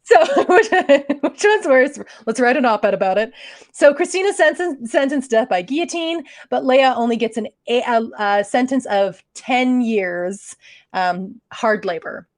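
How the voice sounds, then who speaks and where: Laughing, high-voiced woman podcast host. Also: measured pace. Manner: animated, joking, laughs often. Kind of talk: casual true-crime storytelling chat.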